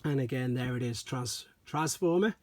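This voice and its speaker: A man doing a casual show-and-tell review of collectible toys, chatty and relaxed, often repeating stock phrases like "as I say". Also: medium pitch, normal speed.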